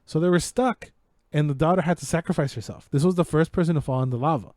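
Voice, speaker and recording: Mellow, dry-voiced man swearing excitably. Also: on the high side, fast talker, no echo. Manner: profane, excitable storytelling. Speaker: podcast co-host. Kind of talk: casual chat. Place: home podcast setup.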